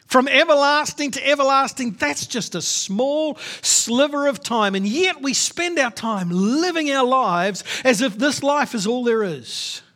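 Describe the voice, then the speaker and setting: A man's voice: very high-pitched, lively intonation, unhurried, hardly any pauses, bright, forceful tone. A male pastor preaching a sermon in an emphatic, conversational way, repeating his points.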